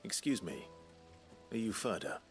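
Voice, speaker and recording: A man voicing a refined male companion in a video game, speaking in a measured way. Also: low-pitched, sing-song, creaky, faint music behind, exaggerated voice.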